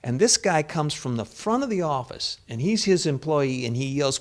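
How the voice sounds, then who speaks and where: A man leading a lively spiritual group discussion, telling stories and acting out what others said. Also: on the high side, normal speed, hardly any pauses. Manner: animated storyteller, acts out quotes. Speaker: discussion leader.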